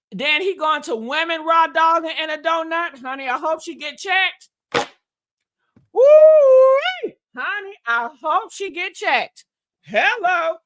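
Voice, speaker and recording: Brief: high, bright woman host, dramatic sassy gossip, laughs a lot. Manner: sassy, dramatic, laughs often, addresses viewers as honey and y'all. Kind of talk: casual gossip commentary.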